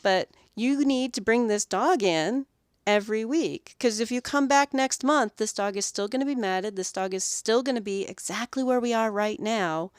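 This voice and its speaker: A woman hosting a podcast about dog grooming, telling animated stories about her week and acting out the owners and dogs. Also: a little high, moderate pace, clean tone, no room sound, studio quality. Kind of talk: solo podcast monologue.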